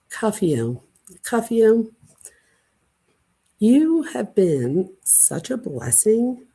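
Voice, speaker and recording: Gushing, excitable woman host with a husky voice. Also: medium pitch, very slow, long pauses. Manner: gushing, excitable, self-admittedly dramatic; breathless. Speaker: channel host. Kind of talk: casual late-night livestream chat.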